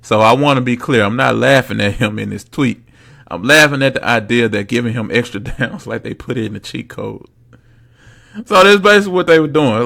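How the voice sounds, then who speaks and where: A young man hosting a casual solo sports podcast, blunt, slangy and mocking, swinging between loud bursts and low asides. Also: brisk, vocal fry. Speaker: podcast host.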